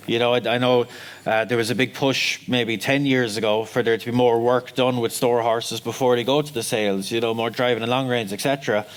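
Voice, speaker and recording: A man talks on a seminar panel at a middle pitch. He is conversational and leans on "you know" fillers as he thinks aloud. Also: steady tone, a little fast, smooth.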